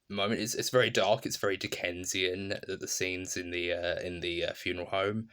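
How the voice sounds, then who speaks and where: A man with a very low voice talks through a film in a casual vlog review. He rambles enthusiastically, circling back and losing his train of thought. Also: fairly bright tone. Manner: rambling, enthusiastic, many fillers.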